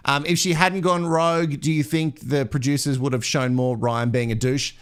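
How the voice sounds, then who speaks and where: Hosting a live reality TV gossip show, an Australian-accented man chats and laughs while reading viewer comments. His mid-range voice is clear and resonant, with a steady tone and a normal speed.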